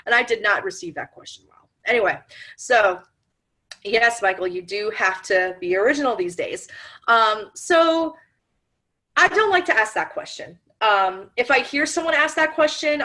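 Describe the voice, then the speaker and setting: A woman's voice: medium pitch, bright, forceful tone. A woman teaching an online webinar class in a chatty, informal way, with frequent laughs and fillers. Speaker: paranormal class instructor. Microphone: computer mic on a webinar call.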